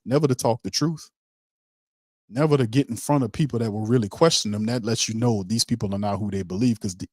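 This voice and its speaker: A man's voice: fairly low pitch, a little mellow, no room sound, clean studio sound. A man hosting a sports show, ranting heatedly and calling on his chat to agree. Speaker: sports podcast host. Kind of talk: opinionated sports commentary.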